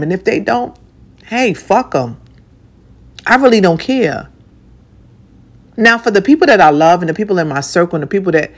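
A woman in her forties, a radio personality, giving a blunt, profane personal monologue that mixes soft lines with punchy, repeated emphasis. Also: lowish voice. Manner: swings between soft and punchy delivery.

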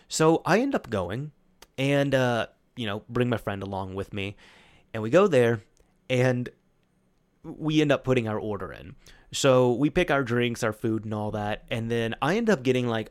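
A man hosting a solo podcast, casually telling a story with lots of restarts and animated retold dialogue. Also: medium pitch. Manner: rambling, with many restarts and fillers; quotes friends in animated retellings. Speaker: podcast host.

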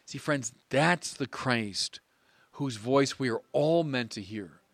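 A priest preaching a sermon in an earnest, measured way with emphatic pauses. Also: male voice, medium pitch, expressive, dry recording.

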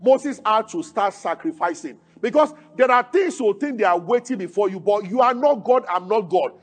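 A man preaching a sermon as pastor, asking the congregation questions, swinging from emphatic peaks to low, quiet lines. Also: lively intonation, normal speed.

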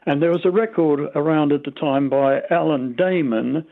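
A man in his eighties with a mild Australian accent, a retired radio presenter reminiscing in an interview, rambling and halting with many fillers. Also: fairly high pitch, creaky, phone-quality sound. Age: 80s.

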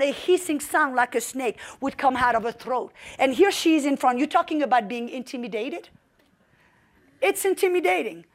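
A middle-aged woman preaching a sermon, telling a story with fervent emphasis and commanding outbursts. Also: high voice. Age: young adult in 1994, now middle-aged.

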